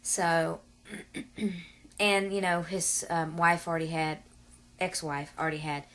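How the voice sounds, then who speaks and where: A woman's voice: on the low side, flat delivery, slow pace, fairly bright tone. A woman, talking casually and at length to her camera in a rambling, long-winded way full of fillers and asides. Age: 30s. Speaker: vlogger. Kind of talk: casual vlog talk to camera.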